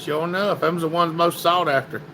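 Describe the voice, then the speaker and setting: A man's voice: fairly high pitch, fairly even intonation, moderate pace, sharp tone, a little hiss or hum, low-quality recording. A man hosting a casual livestream, reading viewer comments and greeting people by name in a folksy, chatty way. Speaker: livestream host.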